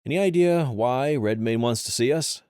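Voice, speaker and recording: A cheery, wisecracking adventurer guide, as a man puts him on in an audiobook. His voice is pitched higher than the narration and carries quick, joking comebacks. The sound is dry and close. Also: darkish tone, clear, resonant tone, dry recording, natural voice. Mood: wry.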